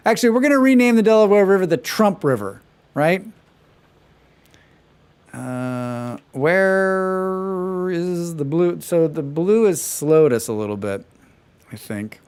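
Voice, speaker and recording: A man's voice: high voice, animated, slow, long pauses, a little mellow, smooth. A man livestreaming himself playing a game, chatting casually and making sarcastic, joking asides. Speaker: game streamer. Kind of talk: casual chat during a gameplay livestream.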